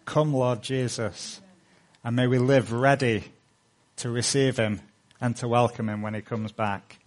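A middle-aged male pastor preaching a sermon with earnest, rising appeals, then leading a hushed prayer. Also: mid-range voice, flat delivery, moderate pace.

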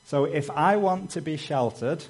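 A man's voice: on the high side, expressive, measured pace, a little mellow, low-quality recording. A man preaching a sermon in a conversational way, dropping in "you know" asides and acting out stories in a raised voice. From Britain. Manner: acts out quoted dialogue with raised voice.

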